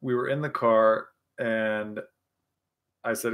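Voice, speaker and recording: Hosting a relaxed livestream chat, a young man speaks at a moderate pace in a fairly low, steady voice with a fairly bright tone. A bit tipsy from scotch, he's a laughing, foul-mouthed storyteller who rambles as he reads the chat.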